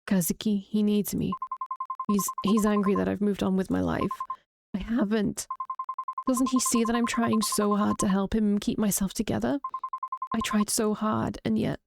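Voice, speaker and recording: A woman's voice: mid-range voice, level tone, vocal fry, over music, lightly acted. A woman voicing a desperate, guilt-ridden young protagonist in a horror game, pleading tearfully. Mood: distraught. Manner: pleading, tearful, slow and raised.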